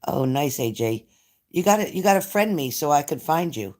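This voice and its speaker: A man's voice: fairly high pitch, expressive, normal speed, darkish tone. Chatty New man on a livestream. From New Jersey. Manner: chatty, reads out and answers viewer comments. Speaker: livestream host. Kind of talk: casual livestream chat with viewers.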